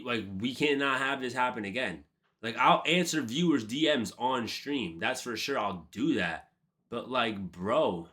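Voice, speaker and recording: A male streamer tells a casual story in an animated, profane way, packed with slang and calling everybody "bro." His voice is mid-range.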